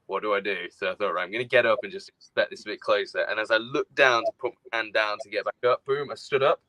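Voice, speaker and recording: Guy with a bright voice telling wild stories on a podcast, dry close sound. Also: fairly low pitch, fast, no room sound, low-quality recording. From outside the United States. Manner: lively storyteller who acts out his own reactions. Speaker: podcast co-host. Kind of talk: casual chat.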